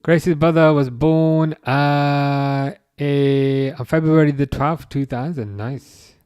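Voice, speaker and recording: A man's voice: fairly high pitch, fairly even intonation, a little mellow, smooth, no echo, highs cut off. Guy in his 30s on a live stream, keeps restarting his sentences, dry jokey tone, dead dry sound. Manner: halting, restarts often, dry jokes while reading chat. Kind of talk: casual live-stream chat.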